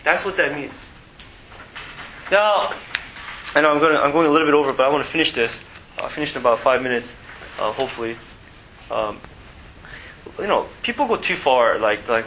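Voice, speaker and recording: A man preaching a casual sermon, often pausing to ask his listeners to fill in the missing word. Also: medium pitch, bright, forceful tone, a little hiss or hum, low-quality recording. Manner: asks the audience to fill in words.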